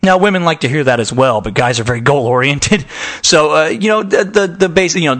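A man's voice: medium pitch, animated, fairly quick, fairly bright tone. A man with a trained radio voice hosting a casual, frank advice talk, joking and laughing often. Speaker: podcast host.

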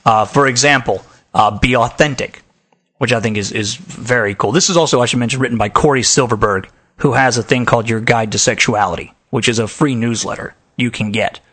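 A man's voice: medium pitch, brisk, a bit bright. Frank, joking man hosting a podcast. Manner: frank, joking, laughs often; trained radio voice. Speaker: podcast host. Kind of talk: casual advice chat.

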